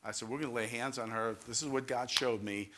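An older man from New York with a New York accent, a pastor giving a fervent testimony sermon, rising to loud exclamations and calling for amens. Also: medium pitch, fairly even intonation, brisk, background noise.

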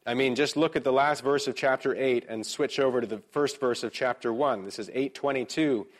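A middle-aged man preaching a sermon as pastor, talking in a relaxed, conversational way with frequent filler words and slowing down to stress key words. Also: mid-range voice. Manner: reads slowly, with rising emphasis.

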